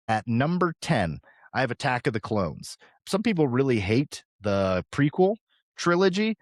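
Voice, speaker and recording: A man in his thirties hosting a podcast, talking casually and fast, with an animated, rambling delivery. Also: fairly low pitch, dry recording, studio quality. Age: 30s. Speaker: podcast host. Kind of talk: casual chat.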